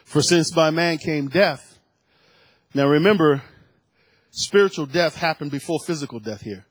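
A man preaching a sermon, reading scripture and rising into shouted, emotional fervor. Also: fairly high pitch, a little slow, no echo. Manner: builds from calm teaching to shouted, emotional fervor; reads scripture aloud between comments.

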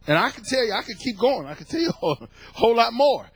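A middle-aged male pastor preaching a sermon, building to fervent shouts and repeating phrases for emphasis. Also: very high-pitched, sing-song, fast talker, husky, dry recording, poor audio.

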